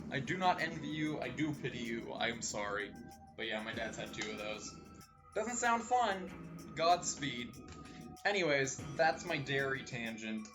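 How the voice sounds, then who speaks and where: A man casually commentating while streaming a visual novel, chatty and rambling with jokey complaints. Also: medium pitch. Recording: slightly muffled stream audio with faint game music.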